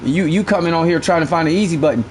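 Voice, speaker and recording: High-pitched male game streamer, casual, profane, animated storyteller. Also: racing, slight background noise. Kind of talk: casual live-stream chat.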